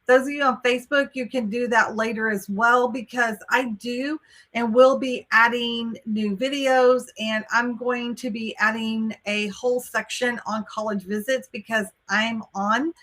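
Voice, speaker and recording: Texan woman, webinar host, upbeat and chatty, higher bright voice. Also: fairly even intonation, unhurried. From Texas. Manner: chatty and upbeat, greeting viewers by name. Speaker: college admissions coach hosting a livestream. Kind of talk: live webinar talk.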